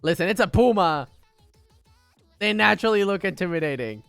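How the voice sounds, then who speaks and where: A man streams himself drawing, chatting casually, giggling, and humming little tunes while faint music plays in the background. His voice sits high, with lively intonation, vocal fry, and a fairly bright, smooth tone at normal speed. The recording has no echo.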